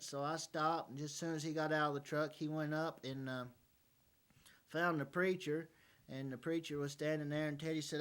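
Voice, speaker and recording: A man's voice: a little high, fairly even intonation, normal speed, fairly bright tone, clear, resonant tone. A man hosting a casual talk show, reading fan mail and telling joking stories in a folksy way. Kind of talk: casual comedic chat. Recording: faint banjo music behind.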